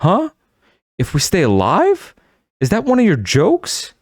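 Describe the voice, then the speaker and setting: Man voicing a nervous young boy, anxious, high-pitched, audiobook character. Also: wildly swooping pitch, a little slow, dry recording, clean studio sound, exaggerated voice. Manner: anxious, startled questions.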